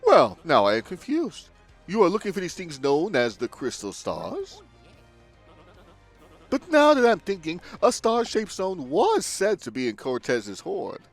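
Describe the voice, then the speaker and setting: A man's voice: high-pitched, huge pitch swings, measured pace, soft background music, full character voice. A man putting on a pompous millionaire sailor. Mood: scheming. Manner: theatrical, haughty, with wild swings in delivery. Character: pompous grandiose adult male millionaire sailor. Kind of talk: reading game dialogue aloud in character.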